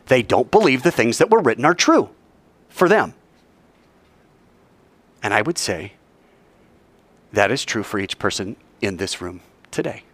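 A man teaching a classroom Bible lesson, animated and quizzing his class while acting out scenes. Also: mid-range voice, moderate pace, pauses often, husky, no echo. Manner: animated, acts out scenes in voices, asks the class questions.

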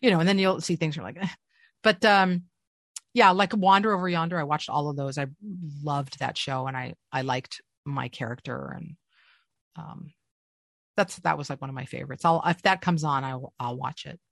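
A middle-aged woman, a voice actress, telling stories in a casual interview with an animated, swinging delivery. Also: moderate pace, vocal fry, no echo, studio quality. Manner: animated storyteller with lively swings in pitch. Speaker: voice actress, guest.

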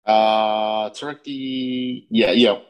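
A man's voice: lowish voice, fairly even intonation, drawn-out words, poor audio. A man co-hosting a podcast, laid-back in casual chat, often giving short replies. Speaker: podcast co-host.

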